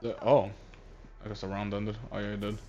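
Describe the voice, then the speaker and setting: A man casually recapping a movie while playing a game, rambling and halting, often distracted. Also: on the low side, flat delivery, mellow, faint music behind. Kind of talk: casual chat. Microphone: console voice chat headset. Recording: dull lo-fi voice chat audio.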